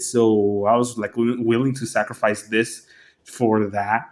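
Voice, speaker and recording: A man's voice: on the low side, flat delivery. A man casually telling a rambling story to camera, swearing often and restarting his sentences. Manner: rambling, profane, halting restarts. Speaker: vlogger.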